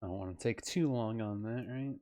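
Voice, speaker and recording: A man streams a video game live, rambling and musing aloud in casual commentary. His voice sits at a middle pitch and his mic is soft. Loud game music plays over him. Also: brisk.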